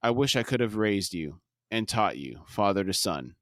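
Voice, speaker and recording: A man reading out the lines of a contemptuous middle-aged male super-soldier in a slow, low, flat voice during a podcast recap. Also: no room sound, clean studio sound. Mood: cold.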